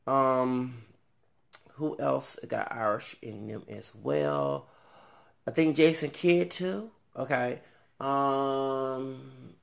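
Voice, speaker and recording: A man vlogging in a casual, rambling monologue. He thinks aloud with many ums, trails off, then bursts out louder. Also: mid-range voice, vocal fry.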